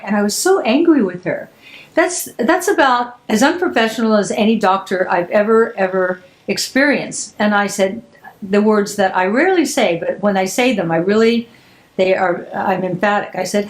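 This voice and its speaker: A woman's voice: mid-range voice, expressive, moderate pace, poor audio. Older lady podcast host, chatty and emphatic, just telling stories. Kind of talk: casual chat.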